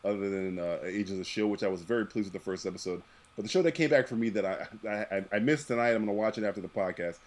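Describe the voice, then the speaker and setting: A man's voice: on the low side, fast talker. A man hosting a podcast, talking casually and profanely, with frequent laughter. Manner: animated, profane, laughs often. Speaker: podcast host. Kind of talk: casual chat.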